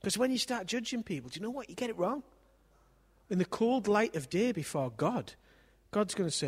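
A husky, slightly breathy male preacher with a voice pitched a little above most men's. He speaks in a conversational way, checking in with the room through tag questions as he teaches. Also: lively intonation, fairly quick. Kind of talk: sermon with a family story.

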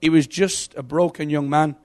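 A middle-aged man giving an emotional sermon testimony, telling stories and swinging from hushed to loud. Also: fairly high pitch, fairly even intonation, normal speed. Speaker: preacher.

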